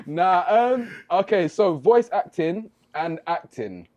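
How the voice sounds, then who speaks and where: Slow, playful higher-voiced male host. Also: very animated, background noise. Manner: playful, joking questioner. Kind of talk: casual chat.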